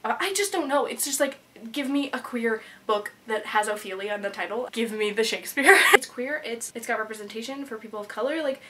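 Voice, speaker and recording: A woman's voice: fairly high pitch, a little fast, heavy background noise. A young woman in her twenties chatting casually as a book vlogger, bubbly and gushing, with lots of "like" fillers. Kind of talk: casual chat.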